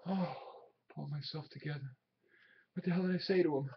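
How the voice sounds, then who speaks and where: An actor playing an aging, desperate traveling salesman in his sixties, pleading with his boss and swinging between quiet memories and angry outbursts. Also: high-pitched, very fast, a little hiss or hum, close to an everyday voice. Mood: shaken. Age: 60s. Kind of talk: film drama acting. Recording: dull old film soundtrack.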